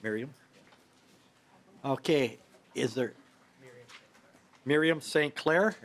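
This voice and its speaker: A man chairing a legislative committee hearing, speaking gently and reassuringly to witnesses, a little off his table microphone. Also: mid-range voice, very slow.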